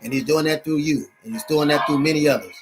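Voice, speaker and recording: A male minister addressing his viewers in a livestream, speaking in halting, earnest appeals full of pauses, fillers and restarts. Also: fairly high pitch, music in the background. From United States.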